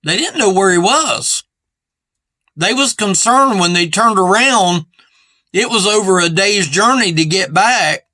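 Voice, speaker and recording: A man's voice: high voice, bright, forceful tone, no echo. A man preaching an earnest sermon in plain everyday speech, repeating his points and stressing them with "see".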